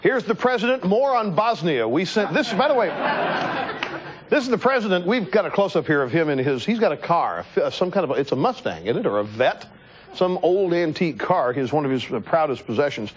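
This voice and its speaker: A man hosting a TV talk show, delivering an animated, joking political monologue in the studio and talking to his crew. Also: on the high side, a little fast, husky. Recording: dull lo-fi TV broadcast.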